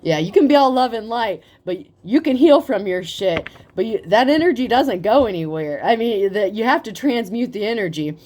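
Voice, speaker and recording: A woman giving a casual tarot reading, talking in a profane, animated way and laughing often. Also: a little high, normal speed, few pauses. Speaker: tarot reader.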